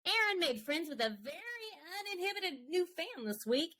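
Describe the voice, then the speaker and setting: Woman, podcast co-host, playful, laughs a lot, bright voice. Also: extremely high pitch, big pitch swings, normal speed, low-quality recording. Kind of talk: casual chat.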